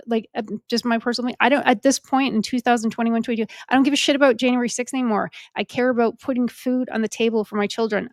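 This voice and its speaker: A woman's voice: on the high side, no echo, studio quality. A woman in her forties from Canada, a real estate agent giving frank, exasperated commentary full of fillers and the odd swear word. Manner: frank and exasperated, swears freely, heavy on "like" and "you know". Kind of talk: casual political commentary.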